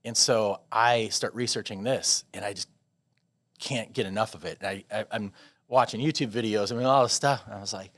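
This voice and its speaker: A man's voice: fairly low pitch, moderate pace, no echo. Chatty man telling a long story. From Des Moines, Iowa. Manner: rambling, animated storyteller with many restarts and laughs. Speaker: podcast guest. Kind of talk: casual storytelling interview.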